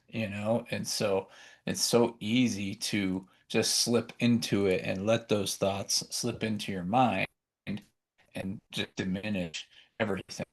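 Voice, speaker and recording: A man with a low, gravelly voice talks earnestly and reflectively in a casual faith conversation, in a plain, unhurried way. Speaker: co-host.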